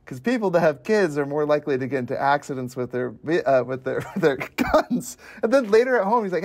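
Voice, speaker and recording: A man's voice: on the high side, lively intonation, brisk, few pauses, darkish tone. A man casually discussing a film with friends, retelling scenes with frequent laughter.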